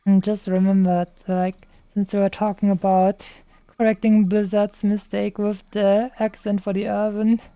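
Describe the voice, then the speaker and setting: Woman streamer, young adult, playful casual gaming chat, unhurried delivery, soft warm tone. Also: medium pitch, little pitch movement, clean tone, no room sound. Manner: playful, chatty, makes silly sound effects.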